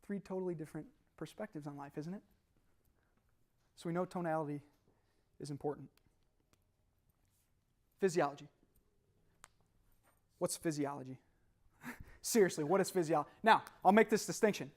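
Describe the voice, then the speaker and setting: A young motivational speaker leads a live seminar at normal speed, pausing often, with an animated, laughing style. His voice sits slightly higher than most men's, and questions to the audience keep coming.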